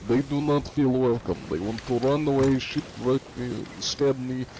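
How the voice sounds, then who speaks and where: A streamer voicing a big, boastful, deadpan Russian man in a put-on mock Russian accent with broken grammar. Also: mid-range voice, measured pace, slight background noise, natural voice, poor audio. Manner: drops articles, speaks in broken grammar.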